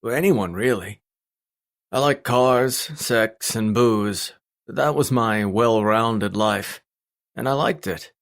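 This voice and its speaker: A man reading a first-person audiobook in a blunt, steady storytelling manner. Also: mid-range voice, slow pace, creaky. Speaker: audiobook narrator.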